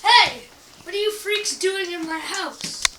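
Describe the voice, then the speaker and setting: An indignant, exasperated homeowner protests at intruders, played by a young man. The voice is very high and slow-paced. A noisy home recording for an amateur short film carries it. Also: lively intonation, full character voice. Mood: angry. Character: indignant young homeowner guarding his llama.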